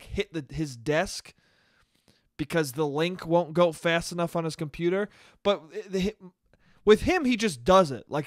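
Young guy, fairly high voice, dry close sound, swears a lot and mocks himself in a loose solo podcast rant. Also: dry recording. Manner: profane, rambling, self-mocking. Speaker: podcast host and comedian. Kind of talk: casual solo podcast monologue.

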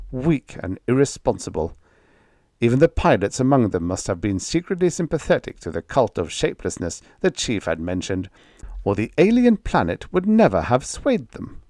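A man narrating a vintage science fiction audiobook with expressive storytelling. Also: fairly low pitch, no room sound, studio quality.

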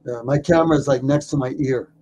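A man who is a documentary filmmaker, telling a story in an interview with lively stammers and repeated words. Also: mid-range voice, quick pace, a little hiss or hum.

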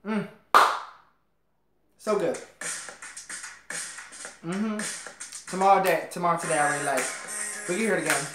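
A woman hosting a casual album reaction, chatty and excitable, talking straight to her viewers from home. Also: fairly low pitch, unhurried, pauses often. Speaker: reaction video host. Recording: roomy with faint music behind.

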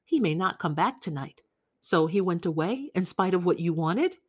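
A woman reading the part of a lonely, clingy woman who pleads softly with a guest in an audiobook. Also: on the low side, animated, normal speed, husky, no room sound, clean studio sound. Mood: pleading.

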